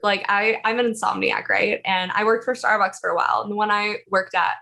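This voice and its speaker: A woman talking as a podcast guest in relaxed, casual chat. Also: mid-range voice, a little fast, gravelly.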